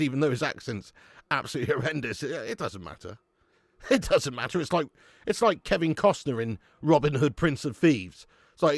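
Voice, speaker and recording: A chatty young man hosts a live football watch-along, reading out viewer comments and laughing between remarks. His voice sits fairly high and swings widely in pitch, with a gravelly creak. The sound is dry and close. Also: no echo. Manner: chatty and laughing, swears freely, calls viewers mate.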